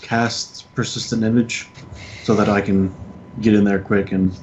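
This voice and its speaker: Low-voiced man planning a game move. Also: little pitch movement, measured pace, a little mellow. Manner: casual, rambling planning. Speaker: player. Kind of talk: tabletop game planning chat. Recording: dull lo-fi mic, faint noise.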